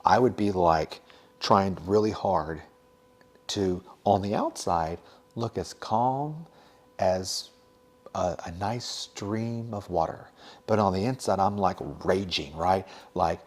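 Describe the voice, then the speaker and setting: A young man with a slightly low voice talks casually, as a teacher sharing advice with other educators. He keeps it conversational, with plenty of fillers and quick asides. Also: animated, a little mellow. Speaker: teacher and podcast host.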